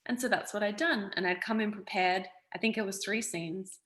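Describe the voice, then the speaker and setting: An actress from Australia telling stories in a casual interview, animated and expressive. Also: female voice, mid-range voice, a little fast, reverberant, poor audio. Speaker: actress, guest.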